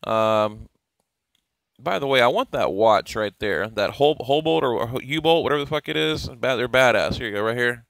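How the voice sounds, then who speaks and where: A man's voice: mid-range voice, moderate pace, creaky, fairly bright tone, dry recording. Profane, rambling male boxing commentator. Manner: rambling, profane, opinionated, self-interrupting. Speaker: boxing channel host. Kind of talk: casual commentary over on-screen clips.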